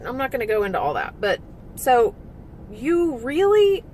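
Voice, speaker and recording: Woman, candid personal vlog, emotional and frank, swears, lots of "like", lively swinging pitch. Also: normal speed, slight background noise, rough recording. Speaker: vlogger and former physique competitor.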